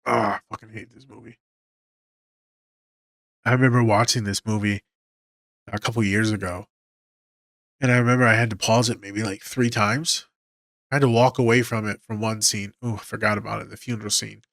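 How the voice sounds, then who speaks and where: A man's voice: on the low side, steady tone, moderate pace, creaky, pauses often, a bit bright, dry recording, studio quality. A man hosting a podcast as a therapist, retelling film scenes emotionally with quoted lines and swearing. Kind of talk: casual film breakdown.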